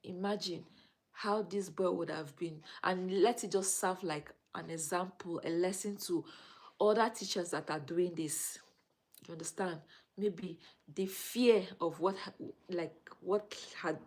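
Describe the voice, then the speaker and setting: Slow-talking Nigerian woman live streaming. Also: fairly low pitch, low-quality recording. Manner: chatty, greets viewers, laughs often. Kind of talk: casual live-stream chat.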